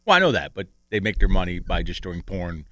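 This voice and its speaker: A man's voice: low voice, very animated, fairly quick, fairly bright tone, no echo. A man co-hosting a radio talk show, joking and teasing his co-hosts in casual banter. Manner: joking, teasing, laughs often. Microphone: studio microphone.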